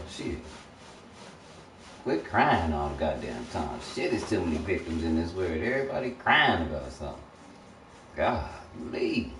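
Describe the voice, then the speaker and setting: A very low-voiced man rants bluntly, swearing often and lecturing as if preaching. He sits well back from the mic in an echoey room. Faint ambient noise sits under him. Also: distant mic. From Texas. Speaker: livestream streamer. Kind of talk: casual profane rant.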